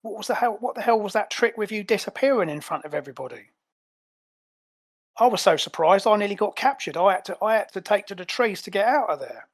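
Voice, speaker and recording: A man voicing a flustered female superhero agent, talking fast and indignant in a raised voice. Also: high voice, animated, pitched above the performer's own voice. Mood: indignant exasperated.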